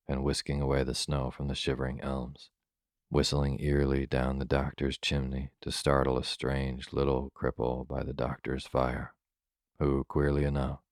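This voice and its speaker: Very deep, flat-voiced man reading a bedtime story. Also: no echo, studio quality. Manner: calm, even storybook reading for sleep. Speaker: narrator.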